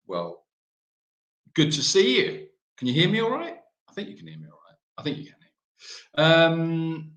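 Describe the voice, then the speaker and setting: A man's voice: fairly high pitch, bright, forceful tone, reverberant. A man hosting a live stream Q&A, reading out viewer comments in a chatty, teasing way with lots of ums. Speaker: animal sanctuary host.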